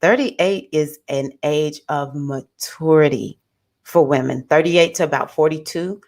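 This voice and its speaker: A woman in her fifties hosting a spiritual livestream, talking in a gentle, encouraging, reflective way. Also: low-pitched, a little slow. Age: 50s. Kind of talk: casual spiritual chat.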